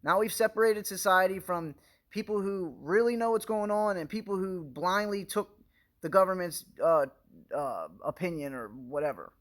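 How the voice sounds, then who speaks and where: A man with a high-pitched voice pleads straight into the camera with his viewers. He rants with urgency, repeats himself, and restarts his sentences as he pushes his point. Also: moderate pace, a bit bright. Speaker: video blogger addressing viewers. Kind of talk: impassioned direct-to-camera rant.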